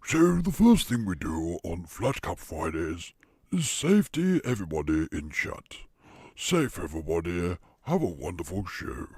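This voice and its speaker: A man doing a deep booming show announcer. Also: big pitch swings, a little mellow, slightly rough, no room sound, clean studio sound, heavily acted. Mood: grand. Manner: drawn-out, grand announcing.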